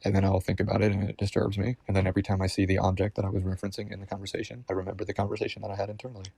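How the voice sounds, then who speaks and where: A man's voice: lowish voice, flat delivery, racing, vocal fry, dark tone, breathy edge, no echo. A man talking to camera in a rambling, agitated personal monologue, swearing constantly and repeating himself. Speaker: vlogger.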